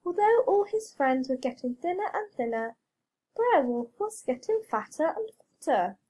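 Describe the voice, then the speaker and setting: A woman reading a children's story aloud, slow, clear and expressive. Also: high-pitched. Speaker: reader.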